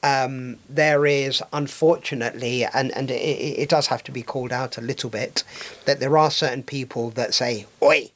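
A man's voice: medium pitch, steady tone, moderate pace, fairly bright tone. A man co-hosting a casual radio chat, talking with many ums and restarts. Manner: hesitant, many fillers and restarts. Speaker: radio co-host.

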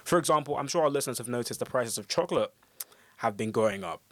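A man co-hosting a casual discussion, explaining points in a steady way. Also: mid-range voice, fast, no room sound.

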